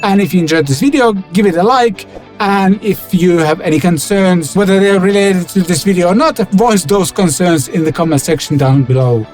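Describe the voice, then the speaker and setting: A man's voice: darkish tone, faint music behind, lightly acted. A man doing a chipper maintenance guy mascot. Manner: upbeat, brisk sign-off pitch. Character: cheerful male maintenance worker mascot.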